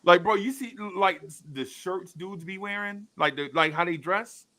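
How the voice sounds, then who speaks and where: A man hosting a casual live stream, reading viewer comments and telling stories in a slangy, laughing, animated way. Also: sits high, moderate pace.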